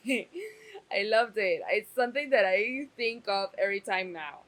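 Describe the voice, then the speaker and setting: Slow-talking casual woman reviewer. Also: medium pitch, animated, fairly bright tone, poor audio. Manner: chatty, swears, many fillers. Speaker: TV series reviewer.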